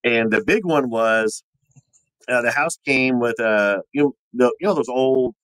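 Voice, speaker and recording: A man, a podcast guest and former soldier, telling his ghost stories in a rambling, animated way and acting out the voices of the people in them. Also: medium pitch, unhurried, no echo, rough recording. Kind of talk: casual storytelling of personal ghost stories.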